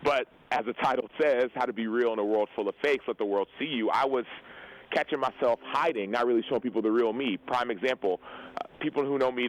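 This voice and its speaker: Young guy telling his story on a radio show, earnest, talks quick, does the voices of people he quotes. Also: on the low side, low-quality recording. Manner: earnest, animated retelling with quoted dialogue. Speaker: guest football player. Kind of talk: interview storytelling. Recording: radio show broadcast audio.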